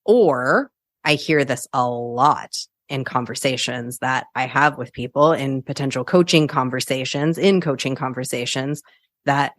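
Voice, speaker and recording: A woman's voice: rumbling low, unhurried, dry recording, clean studio sound. A woman hosting a solo coaching podcast, chatty and upbeat, laughing often as she talks.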